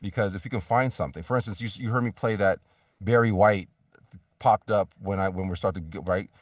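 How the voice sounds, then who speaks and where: Low-voiced man, far from the mic. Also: fast, dry recording, studio quality. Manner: rambling, many restarts and fillers, acts out sample reads. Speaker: voice actor guest. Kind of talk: casual interview talk.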